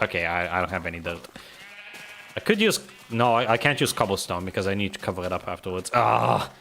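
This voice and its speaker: This gaming streamer, a young man with a vaguely Eastern European accent, has a mid-range, slightly bright voice. He rambles, jokes and laughs a lot during casual live gameplay commentary, with a little hiss or hum in the audio.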